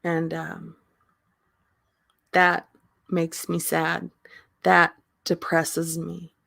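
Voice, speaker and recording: A woman hosting a casual livestream, talking slowly with many pauses and ums and often laughing. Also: lowish voice, monotone, gravelly, fairly bright tone, no room sound. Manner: slow, halting talk with frequent ums and laughter. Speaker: livestream host.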